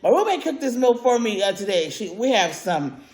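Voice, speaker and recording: A woman's voice: mid-range voice, very animated, moderate pace, very noisy. A woman hosting a casual eating vlog at home. She gushes over the food with lots of fillers and mm sounds. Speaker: mukbang vlogger. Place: at home, indoors. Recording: echoey room.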